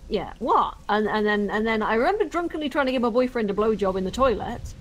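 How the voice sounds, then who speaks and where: A woman's voice: fairly high pitch, big pitch swings, fast, a little hiss or hum. A young woman chatting bluntly and joking with lots of swearing while playing a game with a friend. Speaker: gaming streamer. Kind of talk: casual gaming chat.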